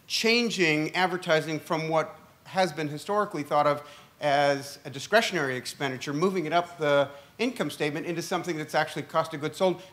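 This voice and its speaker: A man's voice: on the high side, a bit bright. A man moderating an onstage discussion, asking long, rambling questions full of fillers with a joking edge. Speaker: conference moderator. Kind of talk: onstage conference Q&A.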